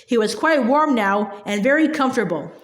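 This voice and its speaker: A woman reads a storybook aloud in a calm, measured voice that sits high. The recording carries a roomy echo. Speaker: narrator. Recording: echoey room.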